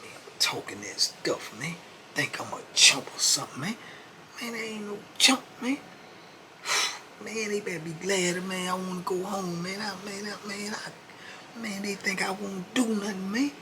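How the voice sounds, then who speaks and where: A man's voice: measured pace, bright, forceful tone, slight background noise. A man voicing a proud, touchy male prison cellmate who can't read, whining and grumbling defensively in a raised, strained voice. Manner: defensive, grumbling, high-pitched whine.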